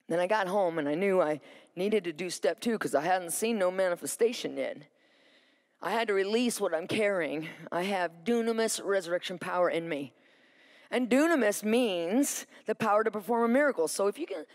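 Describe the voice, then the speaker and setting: Animated woman preaching a testimony. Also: medium pitch. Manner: animated storytelling, acts out her own quoted thoughts; asks the audience for responses. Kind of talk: sermon with personal testimony.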